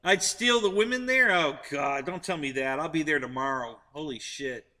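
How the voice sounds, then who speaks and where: A man's voice: on the high side, normal speed, pushed and bright. A man hosting a casual live-stream chat from a heated tent, laughing often and chuckling between his remarks. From United States. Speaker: host.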